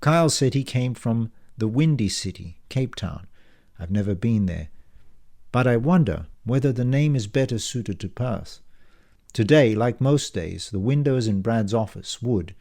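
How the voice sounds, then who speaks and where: A man reading his own novel aloud as a first-person audiobook, in a measured, descriptive storytelling manner. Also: medium pitch, lively intonation, a little mellow.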